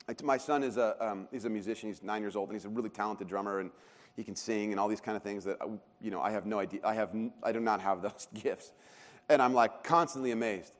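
A pastor in his thirties delivers a sermon, telling stories in a conversational, self-deprecating way. His voice sits on the low side and moves at a quick pace. A long hall reverb colors the recording.

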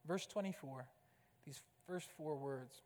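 Man, pastor, preaching, conversational, rhetorical questions, high-pitched, echoing church hall. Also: takes it slowly, darkish tone. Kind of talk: sermon. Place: church sanctuary.

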